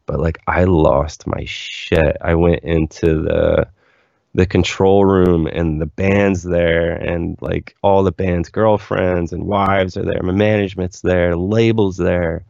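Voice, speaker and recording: A young man with a very deep voice and a gravelly, fry-laden texture tells his story candidly, looping through "like" fillers as he goes. The recording is dull, lo-fi and dry. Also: fairly even intonation, slow, a little mellow, dry recording. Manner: rambling, candid, lots of "like" fillers. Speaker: musician guest. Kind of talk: casual interview storytelling.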